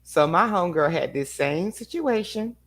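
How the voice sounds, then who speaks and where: A woman's voice: fairly low pitch, animated, normal speed. A woman chatting casually and comically, blunt and slangy, swearing freely. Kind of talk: casual comedic chat.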